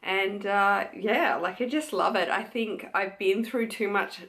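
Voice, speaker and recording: An Australian woman in her young adult years talks to her camera in a relaxed, unhurried way. She gushes over what she shows and leans on fillers, in a mid-range voice. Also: mid-range voice. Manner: chatty, gushing, many fillers. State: pregnant. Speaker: beauty vlogger. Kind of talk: casual chat to camera.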